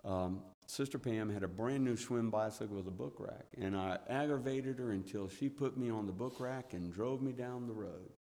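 Middle-aged preacher in a reverberant church. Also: male voice, on the low side, normal speed, hardly any pauses. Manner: earnest storytelling, swelling with excitement. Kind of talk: sermon with personal anecdotes. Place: church sanctuary. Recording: long church hall reverb.

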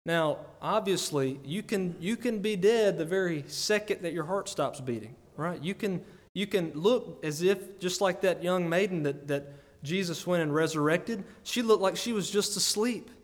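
This pastor's voice sits high, and he moves at a moderate pace with few pauses. His sermon is earnest and chatty, punctuated by frequent "right?" check-ins, recorded in a sanctuary with a long reverberant tail.

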